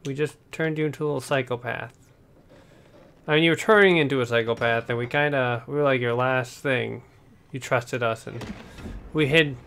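A man giving chatty, excitable let's-play commentary, talking to the game's characters as he plays. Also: mid-range voice, normal speed, slight background noise. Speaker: gameplay commentator.

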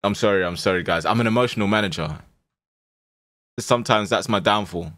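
A young man streaming a football management game, shouting at his players and then dropping to low mutters. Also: a little fast, dry recording, clean studio sound. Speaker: gaming streamer. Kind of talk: live game commentary.

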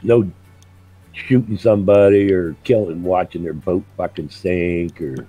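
A man's voice: sits low, fairly even intonation, a little slow, dark tone, husky, no echo, soft background music, poor audio. Profane, blunt middle-aged man. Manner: blunt, profane storytelling with laughs. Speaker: streamer. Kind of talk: casual chat while gaming.

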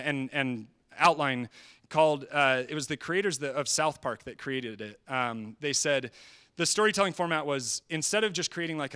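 Guy giving a training talk, kinda high and bright, chatty and energetic. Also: smooth. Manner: energetic, conversational, quotes people in quick asides. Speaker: presenter at a training session. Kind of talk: live presentation. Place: presentation hall.

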